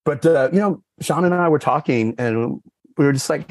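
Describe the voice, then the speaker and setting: Speaking at a normal speed with no room sound, this man is a sommelier guesting on a podcast. He's a rambling storyteller in casual chat, full of "you know" and "like," and he acts out quoted lines in a raised pitch.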